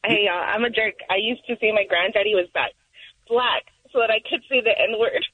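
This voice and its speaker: A woman's voice: medium pitch, a little fast, slightly rough. A woman calling in to a radio show, bluntly confessing in a self-deprecating way. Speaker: caller. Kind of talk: phone-in confession. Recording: tinny phone line.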